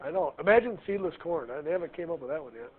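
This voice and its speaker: A man's voice: on the high side, lively intonation, very fast. A man teaching a biology class, chatty and jokey, often asking the students questions. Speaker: high school biology teacher. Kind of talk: classroom lecture. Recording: tinny lo-fi classroom recording.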